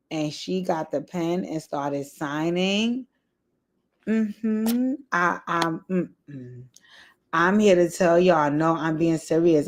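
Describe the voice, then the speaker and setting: A woman giving casual, candid commentary on a reality show, emphatic and profane, often tagging "right?" onto her points. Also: lowish voice. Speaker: reality TV recap host.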